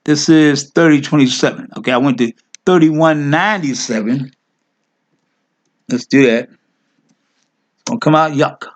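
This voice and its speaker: A man with a fairly high voice speaks at a measured pace with long pauses, giving an informal screen-share lesson on Hebrew words. He thinks aloud while clicking through his screen, corrects himself, and coaxes along listeners he addresses as family.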